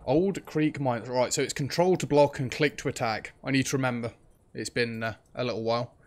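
Brisk and mid-range in pitch, a man narrates his let's play in a chatty, casual way. He voices his thoughts as he plays, sprinkling in frequent ums.

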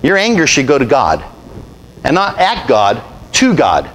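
A pastor preaching a sermon, calling on the congregation to repeat after him and answer. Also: male voice, a little high, wildly swooping pitch, normal speed, a bit bright.

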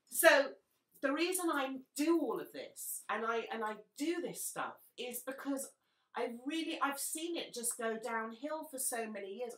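A woman who is a makeup artist and brush maker, talking frankly and passionately to her followers, blunt and quick to swear. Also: sits high, expressive, fairly bright tone. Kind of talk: candid spoken talk to followers. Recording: roomy sound, distant mic.

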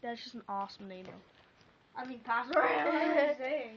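Giggly high-voiced girl. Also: animated, normal speed, crowd noise. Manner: giggly, teasing, shrieky outbursts. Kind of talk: casual chat. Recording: dull lo-fi home video.

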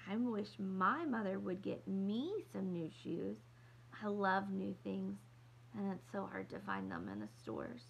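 A woman reading aloud, voicing a kind young girl who speaks in a sophisticated, gentle way. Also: medium pitch, very animated, a little slow, creaky, a little hiss or hum, low-quality recording. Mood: gracious. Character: poised imaginative ten-year-old girl, gracious and kind.

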